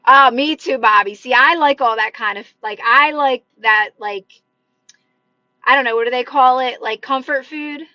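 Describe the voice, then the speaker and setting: Casual, encouraging livestream chat comes from a manifestation coach who answers comments, uses "like" as a frequent filler, and gestures as she speaks. Her voice sits high and moves at a moderate pace. It's captured on a phone mic with dull, dry audio.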